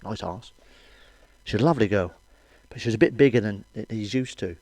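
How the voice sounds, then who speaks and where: A man's voice: fairly low pitch, moderate pace, darkish tone, no room sound. A middle-aged man doing stand-up. He tells crude, sweary jokes, keeps asking "you know what I mean," and laughs at his own punchlines. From Wales. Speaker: comedian. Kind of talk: crude stand-up joke telling.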